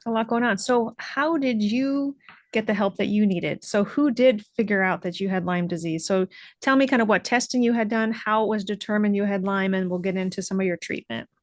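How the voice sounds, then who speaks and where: A woman's voice: medium pitch, brisk, no room sound, clean studio sound. A woman hosting a podcast interview, asking direct, guiding questions. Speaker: podcast host.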